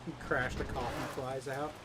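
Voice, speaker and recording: Streaming a racing game, a man rambles and jokes as he chats casually with his viewers. His voice is medium-pitched and fairly flat, delivered at a moderate pace over a very noisy background.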